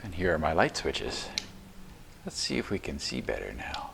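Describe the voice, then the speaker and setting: A man serving as chaplain, talking gently and encouragingly to preschool children inside a church, using simple words. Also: very deep voice, wildly swooping pitch, normal speed, vocal fry, background noise. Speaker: chaplain leading children's chapel.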